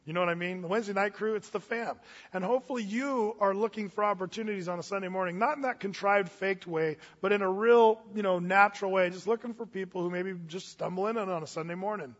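A man's voice: high-pitched, fast talker. A male pastor giving a sermon to his church in a casual, folksy way, with asides and restarts. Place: church hall. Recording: dull audio with long reverb in a church hall.

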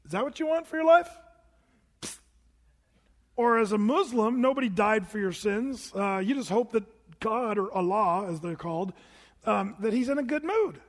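A man's voice: high-pitched, animated, moderate pace, pauses often, long reverb tail. A pastor preaching a sermon to his congregation in a church, earnest and emphatic, often repeating himself for weight. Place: church sanctuary.

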